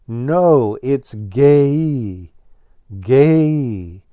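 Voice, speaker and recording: A man's voice: mid-range voice, animated, drawn-out words, mellow, no room sound, studio quality, voice pushed up. A man voicing a fussy, easily exasperated ground squirrel in a storybook, correcting and emphatic. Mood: flustered.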